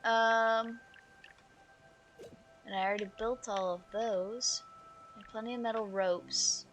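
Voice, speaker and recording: A woman's voice: fairly high pitch, fairly even intonation, takes it slowly, muffled recording, soft background music. A woman streamer giving casual gameplay commentary, chatty and jokey, thinking aloud as she plays.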